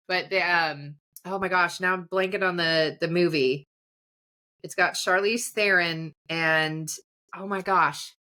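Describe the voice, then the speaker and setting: A middle-aged woman hosts a podcast, chatting casually, rambling and giggling often. Her voice is lowish, pushed and bright.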